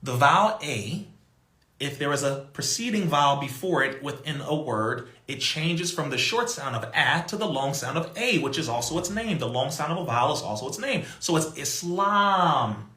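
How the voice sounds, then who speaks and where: A man telling a story in an emphatic, animated way, mimicking other people's voices and laughing between points. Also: a little high, moderate pace, reverberant. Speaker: podcast guest.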